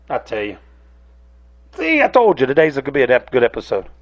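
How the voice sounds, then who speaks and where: A man's voice: mid-range voice, huge pitch swings, fairly quick, long pauses. A man hosting a casual solo rant podcast, rambling and cursing freely, often breaking off mid-sentence. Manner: rambling, profane, self-interrupting. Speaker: podcast host.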